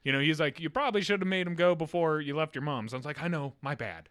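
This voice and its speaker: A man's voice: on the high side, fast, clean tone. A young man, a podcast co-host, telling a funny story in casual chat, laughing and acting out voices. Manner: animated, laughing storyteller acting out a kid's screams.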